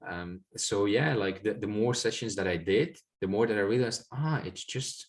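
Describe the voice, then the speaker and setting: A man with a fairly low voice talks at a moderate pace, barely pausing, as a guest sharing spiritual experiences. His casual, reflective account rambles along, packed with fillers and repeated words.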